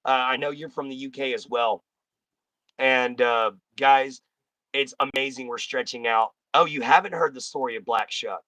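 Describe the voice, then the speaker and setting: A man's voice: medium pitch, moderate pace, bright, forceful tone, no echo. Blunt folksy man chatting to his viewers. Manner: blunt, folksy, talks straight to chat. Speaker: live-stream host. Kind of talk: casual live-stream chat.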